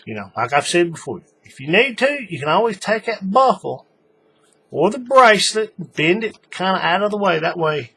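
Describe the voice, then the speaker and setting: A man's voice: high voice, sing-song, moderate pace, creaky, pushed and bright, slightly rough. A man giving a casual, folksy hands-on craft tutorial, talking while he works. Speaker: paracord tutorial maker.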